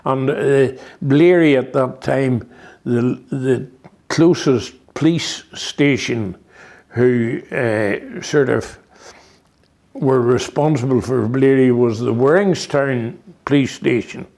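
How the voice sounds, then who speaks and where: Old northern irish guy, 80s, gravelly voice, rambles through stories w lots of uhs. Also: medium pitch, slow pace, a little mellow. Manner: rambling, anecdotal, many restarts and fillers. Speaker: interviewee. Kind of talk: reminiscing conversation.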